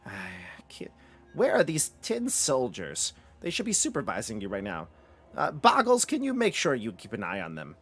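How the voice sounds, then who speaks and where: A man's voice: medium pitch, wildly swooping pitch, normal speed, slightly rough, heavily acted. A man putting on the voice of a scolding old hag granny who bosses children around in a wheedling, bossy way.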